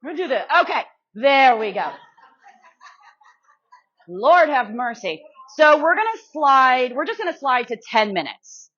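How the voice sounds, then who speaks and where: A woman's voice: a little high, fairly bright tone. Chatty woman giving a live workshop demo. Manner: chatty, checks in with the audience constantly; self-deprecating humor. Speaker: guest speaker teaching social media to real estate pros. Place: meeting room before a live audience. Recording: muffled lo-fi sound.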